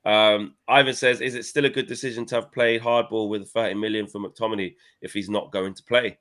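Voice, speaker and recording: A young man with a lowish, fairly bright voice co-hosts a fan channel livestream, speaking briskly with flat delivery. He reads out live comments and banters playfully, dropping slang like "my son" and "innit."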